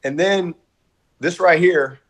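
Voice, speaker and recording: A man's voice: high voice, slow pace. A middle-aged man, a college football coach speaking over a video call, heartfelt, effusive and repetitive. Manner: warm, effusive, repetitive, folksy.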